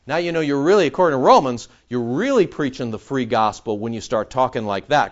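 A man preaching a sermon as pastor, animated and sarcastic, firing rhetorical questions at the congregation. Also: medium pitch, brisk, hardly any pauses, lo-fi sound.

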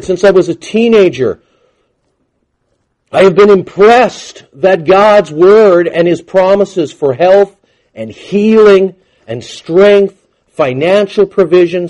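A man preaching a sermon to a congregation, emphatic, swinging between quiet asides and loud proclamation. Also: high voice, lively intonation, slow. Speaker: pastor.

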